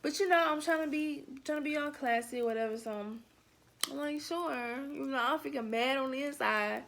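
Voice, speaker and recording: A young woman telling a casual storytime, animated and sassy, acting out the quoted lines. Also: high-pitched, fairly quick, slight background noise.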